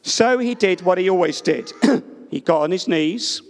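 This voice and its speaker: A man telling a story to a crowd in a big hall, high-pitched and hugely animated, swooping up and down. He speaks slowly and playfully, pulling listeners into the tale. A long reverb trails his voice. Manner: expressive, playful, asks listeners to join in. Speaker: children's storyteller. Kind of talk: animated storytelling with audience participation.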